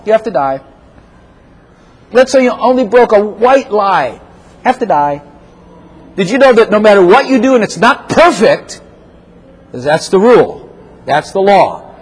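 A man preaching a sermon, animated, acting out short dialogues and jumping into a raised voice for them. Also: sits high, measured pace, long pauses, husky. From Chicago.

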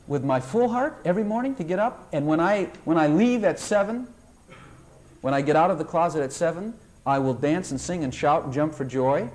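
There's an older man here preaching to a gathered congregation. He's emphatic and animated, and his voice goes high when he acts out the prayers.

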